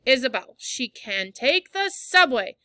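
Woman reading an impatient dad, firm and teasing, bright highish voice, dry close recording. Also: lively intonation, normal speed, dry recording, heavily acted.

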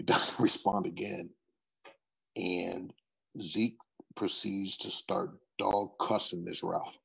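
A man's voice: sits low, gravelly, breathy edge, rough recording. A middle-aged man, a football coach, telling stories in an interview, often repeating words as he starts a sentence. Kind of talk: interview storytelling.

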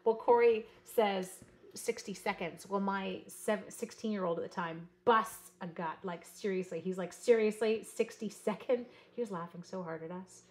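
A woman's voice: medium pitch, a little mellow. A woman in her forties from Canada, chatting casually on a livestream, laughing often and greeting her viewers by name. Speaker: livestream host.

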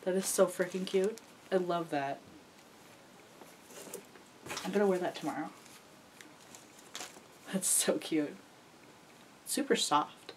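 A young woman vlogger gushing excitedly as she unboxes gifts, full of "like" fillers. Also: fairly low pitch, slow pace, long pauses, slight background noise, poor audio. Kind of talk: gift unboxing chat.

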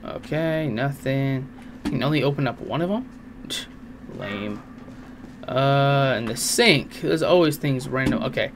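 A young man giving casual, crude, jokey let's play commentary on a horror game, swearing often and reacting loudly. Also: medium pitch, a little slow, background noise. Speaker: gaming channel host.

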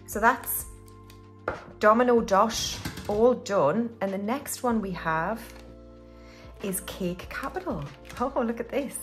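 A woman's voice: fairly high pitch, slow, fairly bright tone, soft background music. A woman from the UK hosting a budgeting video, chatting casually as she counts money aloud and talks herself through each step. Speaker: budgeting channel host. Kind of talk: casual cash-stuffing commentary.

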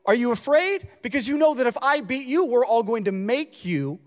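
Man acting out boastful giant warrior, high shouted taunts, jeering, long hall echo. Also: big pitch swings, normal speed. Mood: taunting.

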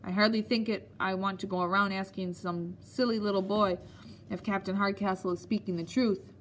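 A woman's voice: mid-range voice, steady tone, normal speed, slight background noise, lightly acted. A woman voicing a stern elderly male headmaster who speaks in clipped, scornful commands.

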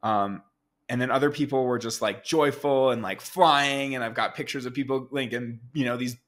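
A man in his thirties, a guest artist telling stories in a relaxed, rambling way, full of fillers. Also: medium pitch, normal speed. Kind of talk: casual storytelling interview.

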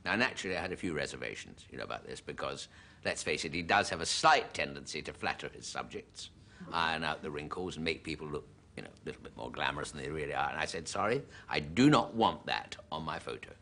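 A man's voice: a bass voice, quick pace, vocal fry. A man doing a jokey, self-mocking stand-up monologue. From Britain. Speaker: comedian. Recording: loud audience noise throughout. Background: studio audience laughter.

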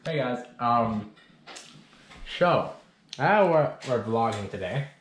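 Young male vlogger, swearing and rambling, lively delivery, echoey bedroom. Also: medium pitch, slow pace. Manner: rambling, swears a lot, laughs often. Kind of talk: casual vlog chat with friends. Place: indoors at home, bedroom. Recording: echoey room, faint noise.

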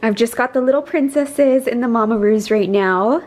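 A young woman vlogging at home, cooing to her babies in high baby talk and half-whispering to the camera while tired. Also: moderate pace, a little mellow. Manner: high sing-song baby talk to infants. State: sleep-deprived. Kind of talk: casual vlog.

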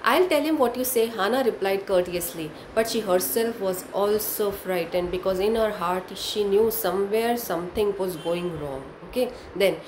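A woman's voice: mid-range voice, darkish tone. A woman with an Indian English accent teaching an English class. She reads a story aloud and then explains it to her students in simple words. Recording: echoey room with faint background noise.

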